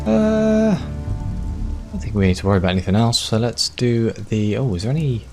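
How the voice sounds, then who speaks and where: A man's voice: mid-range voice, expressive, moderate pace, a little mellow, soft background music. A man playing a video game, reading its text aloud expressively and chatting in a self-deprecating way. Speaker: video game let's player.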